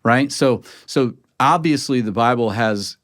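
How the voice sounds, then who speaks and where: A pastor in a casual podcast conversation, talking earnestly and with emphatic, preaching-style rhythm. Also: male voice, mid-range voice, unhurried, a bit bright, no echo, clean studio sound.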